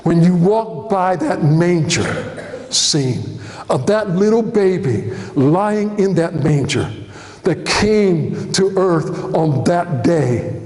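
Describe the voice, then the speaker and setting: A man with a very high voice preaches slowly and deliberately, acting out the scene as he tells it. His voice rings through a church hall with a long reverb. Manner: animated storytelling, acting out the scene. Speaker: pastor. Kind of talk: sermon.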